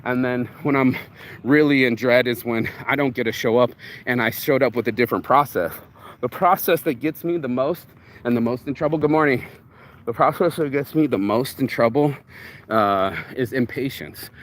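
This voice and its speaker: A man vlogging a casual, rambling monologue, reflective and often profane as he thinks out loud. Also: mid-range voice, moderate pace.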